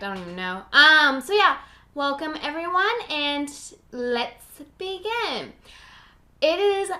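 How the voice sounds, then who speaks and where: A woman's voice: high voice, bright, forceful tone. A young woman hosting her own podcast, chatting casually in a bubbly, rambling way and laughing at herself. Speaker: podcast host. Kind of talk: casual solo podcast chat.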